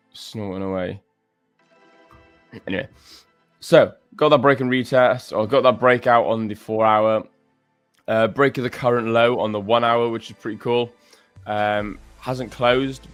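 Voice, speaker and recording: A chatty man with a low voice. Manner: chatty, joking, with frequent restarts and stammers. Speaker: live trading stream host. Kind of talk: casual live-stream chat and chart analysis.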